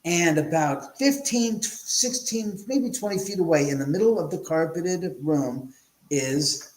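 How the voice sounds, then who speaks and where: Guest man from Los Angeles, slightly high voice, lively swearing raconteur, echoey room. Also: measured pace. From Los Angeles, USA. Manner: animated, swears freely, acts out quotes. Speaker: guest, paranormal house owner. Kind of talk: casual storytelling.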